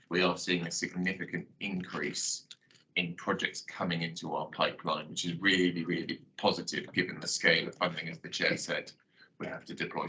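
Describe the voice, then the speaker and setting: Senior officer, man, very low monotone, bright edge, briefing a board. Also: low-quality recording. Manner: measured, explanatory. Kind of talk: formal briefing.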